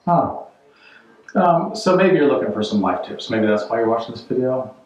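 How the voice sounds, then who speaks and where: A man hosts a home renovation vlog from a job site and his car, cracking dry jokes and offering offhand life tips in casual talk. His mid-range voice is expressive and moves at a moderate pace, though the recording sounds roomy, distant and dull.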